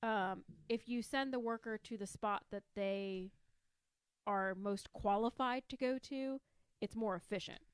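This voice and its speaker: A podcast co-host with a medium-pitched, clean voice and no echo chats enthusiastically about a board game, rambling a little in a casual way.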